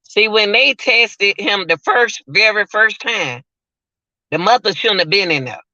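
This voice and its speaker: A man's voice: high voice, animated, measured pace, sharp tone, no room sound, muffled recording. A man giving emotional, repetitive livestream commentary, talking straight to his viewers.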